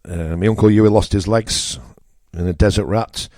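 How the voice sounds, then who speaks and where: A man's voice: on the low side, fairly even intonation, moderate pace, mellow, no room sound, studio quality. A man from northern England with a northern English accent, hosting a radio show and delivering a blunt, opinionated political rant with emphatic repetition.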